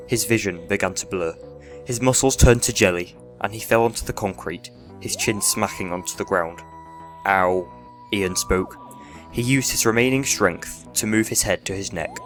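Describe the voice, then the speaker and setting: A man's voice: fairly low pitch, a bit bright. Young man narrating a storybook tale. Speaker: fan fiction narrator.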